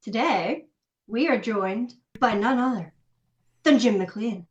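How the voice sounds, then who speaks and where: A woman's voice: on the high side, slow. A woman with a Northern Irish accent hosting a podcast, chatting and laughing easily. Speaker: podcast host. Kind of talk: casual chat. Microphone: video call. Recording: dull lo-fi video call audio.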